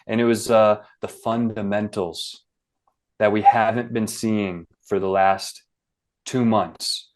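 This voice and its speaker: A young man co-hosting a casual sports podcast, talking in a relaxed, rambling way full of fillers. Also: lowish voice, slow pace. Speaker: podcast co-host.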